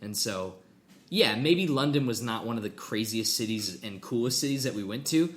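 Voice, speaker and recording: A man's voice: medium pitch, lively intonation, moderate pace. A man co-hosting a podcast, chatting enthusiastically about a film and dropping trivia, with casual swearing. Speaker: podcast co-host. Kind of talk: casual movie review chat.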